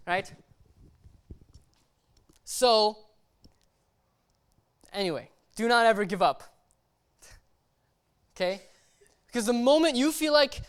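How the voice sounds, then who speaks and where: A young man giving a casual sermon at a church service. He talks in a relaxed, slangy way and keeps checking in with the congregation. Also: high-pitched, unhurried, long pauses, clean tone. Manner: chatty, keeps checking in with "right?" and "okay?". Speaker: lay preacher.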